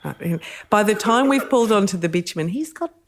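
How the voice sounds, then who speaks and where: A middle-aged woman with an Australian accent, a podcast guest telling lively stories with frequent laughter. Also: mid-range voice, fairly quick, hardly any pauses. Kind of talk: storytelling in casual chat.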